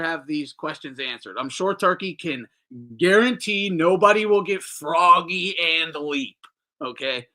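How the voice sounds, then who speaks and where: A man hosting a boxing talk show, giving casual, profane, mocking commentary and answering his chat. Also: fairly high pitch. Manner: animated, swearing, mocking, reading chat aloud.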